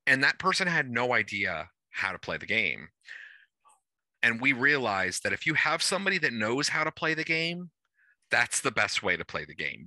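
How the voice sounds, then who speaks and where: A man with a lowish voice and a very bright, sharp, tense edge lays out game rules over an online call. He talks casually and rambles, circling back and restarting his sentences as he works out what to say. The sound is dry and close, with no room echo. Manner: rambling, thinks aloud with restarts. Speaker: game organizer.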